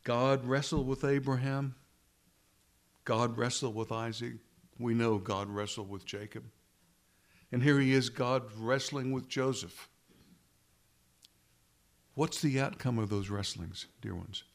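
A man's voice: medium pitch, steady tone, takes it slowly, long pauses. A man preaching a sermon in an earnest way, asking rhetorical questions and repeating phrases for emphasis.

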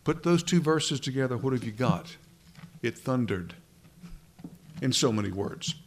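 A male preacher with a medium-pitched, expressive voice speaks at a measured pace, with slight background noise. His sermon is conversational, addressing the room directly, and he stumbles and restarts often.

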